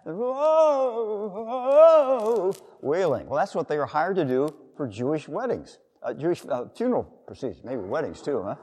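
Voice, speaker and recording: A man's voice: medium pitch, sing-song, brisk, few pauses, darkish tone, slightly rough. A man preaching a sermon in a conversational way, sometimes acting out quotes. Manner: conversational, with acted-out quotes and asides. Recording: long reverb of a large hall.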